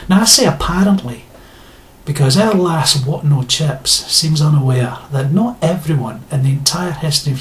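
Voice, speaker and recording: A man delivering a sarcastic, indignant rant to his viewers, blunt and given to swearing. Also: medium pitch. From Scotland. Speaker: video blogger. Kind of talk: ranting monologue to camera.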